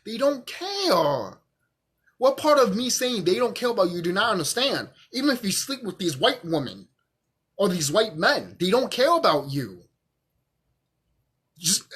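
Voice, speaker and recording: A man talking to camera while drunk, his husky voice riding high and swinging up and down as he makes his points. He stutters a little, swears freely and repeats lines for emphasis. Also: a bit bright. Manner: profane, emphatic, repeats himself. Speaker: vlogger. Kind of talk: rambling monologue to camera.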